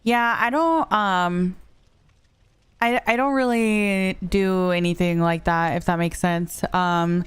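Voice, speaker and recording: A woman's voice: lowish voice, fairly even intonation, takes it slowly, clean tone, dry recording. A young woman streaming a game, chatting casually and teasingly with her viewers and laughing often. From Spanish-speaking background. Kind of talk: casual live-stream chat. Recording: soft music playing behind.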